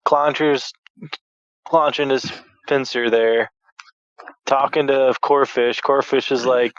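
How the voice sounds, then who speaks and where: A man appearing as a guest on a podcast, chatting in a relaxed, joking way. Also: mid-range voice, slow pace, clean tone, no echo. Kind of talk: casual podcast chat. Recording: slightly muffled dry podcast mic.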